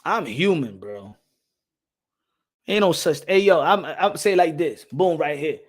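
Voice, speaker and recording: A man's voice: on the high side, animated, measured pace. A man hosting a boxing channel, giving a heated, profane opinion rant to camera and often repeating himself.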